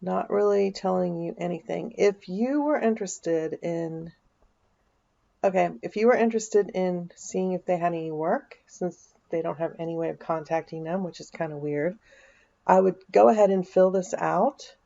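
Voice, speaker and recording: A woman's voice: lowish voice, moderate pace, gravelly, dark tone, lo-fi sound. A woman vlogger, chatting casually as she walks through a search on her screen, thinking aloud with dry asides. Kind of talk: casual screen-share walkthrough.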